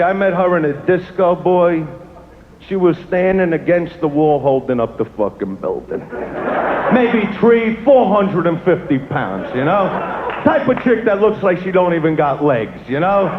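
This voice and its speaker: A man doing a crude, swaggering stand-up comedy routine. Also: fairly high pitch. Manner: brash, crude, swaggering delivery. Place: live comedy venue. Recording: lo-fi phone-like live recording with loud noise and echo.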